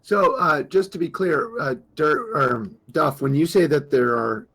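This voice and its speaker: Gravelly, husky man joking at the game table. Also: on the high side, animated, a little slow, a bit bright. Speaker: player.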